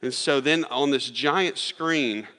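In a church sanctuary, a pastor with a mid-range voice takes his time, his delivery bright and forceful. He tells his sermon as a chatty, loose story full of fillers and restarts, and a long reverb carries through the large space.

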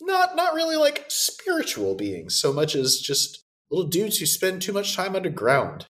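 A podcast co-host with a very animated voice that swoops up and down in pitch. They recap a horror movie in loose, sarcastic chat and swear without a second thought. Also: moderate pace.

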